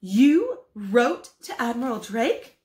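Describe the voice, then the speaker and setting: A woman reads aloud as a fussy, practical housewife from a storybook, scolding and exclaiming in a high, lively voice. The reading bounces around an echoey room. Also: moderate pace.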